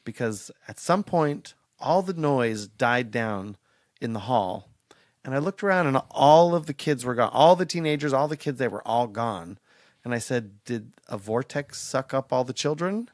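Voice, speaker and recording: A man co-hosting a casual podcast, spinning rambling stories with a wry edge. His voice sits at an ordinary middle pitch and comes across dry and close to the mic. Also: lively intonation, moderate pace, no room sound. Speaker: podcast co-host.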